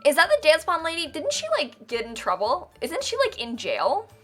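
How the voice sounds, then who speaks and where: A woman's voice: high voice, huge pitch swings, normal speed, a bit bright. A young American woman chatting casually on a live stream, rambling with lots of "like" and frequent laughter. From United States. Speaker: game streamer. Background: faint background music.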